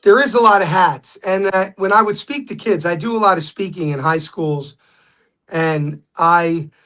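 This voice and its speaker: A man, a guest telling stories in a casual interview, animated when quoting others. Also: high-pitched, normal speed.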